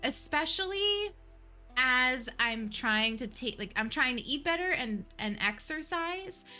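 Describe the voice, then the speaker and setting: A woman hosting a livestream, chatting casually and warmly with her viewers, emotional and laughing often. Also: high voice, animated, unhurried, faint music behind. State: emotional, near tears. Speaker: livestream host.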